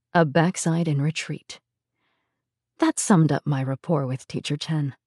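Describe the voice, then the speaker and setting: A woman narrating a memoir audiobook in a measured, vivid storytelling manner. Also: lowish voice, dark tone, dry recording, clean studio sound.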